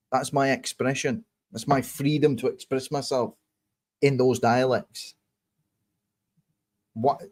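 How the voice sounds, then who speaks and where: A man from England hosts his own online show in a blunt, combative monologue. He speaks slowly and deliberately at a middle pitch, swearing freely and hammering the same points again and again as he lectures his viewers. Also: darkish tone. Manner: slow, deliberate, repeats points. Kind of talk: casual monologue answering viewer comments.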